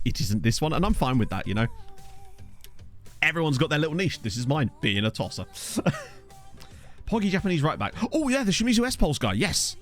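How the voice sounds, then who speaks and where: Chatty man streaming a game, lively voice. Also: medium pitch. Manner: chatty, self-mocking, laughs often, reads chat aloud. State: hiccuping. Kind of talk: casual live-stream chat over a management game. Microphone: desk USB microphone.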